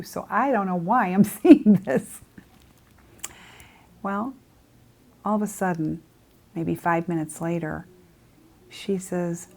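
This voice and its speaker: A middle-aged woman, a psychic medium, telling a personal story in a casual, earnest way and acting out the dialogue with soft asides. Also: fairly low pitch.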